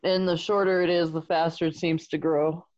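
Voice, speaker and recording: A woman's voice: low voice, little pitch movement, normal speed, a little mellow, muffled recording. A woman guest on a podcast, agreeing in brief casual replies. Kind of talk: casual chat.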